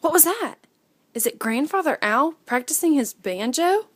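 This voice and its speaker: A woman voicing a curious young boy owl who asks excited questions in a raised, bright voice. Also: high voice, normal speed, no room sound, pitched above the performer's own voice. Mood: eager.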